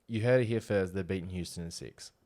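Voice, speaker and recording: A very deep-voiced Australian man in a relaxed sports chat. He talks with easy confidence and makes bold calls. His voice sits low and steady throughout. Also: fast. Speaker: podcast co-host.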